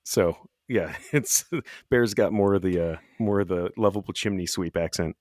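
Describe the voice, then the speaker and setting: A man co-hosting a podcast in casual chat, rambling and chatty and quick to laugh. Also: sits low, darkish tone, dry recording, studio quality. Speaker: podcast co-host.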